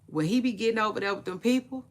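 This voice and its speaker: A woman hosting a casual celebrity gossip vlog, chatting to her viewers in a playful, drawn-out way with frequent asides. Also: mid-range voice. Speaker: vlog host.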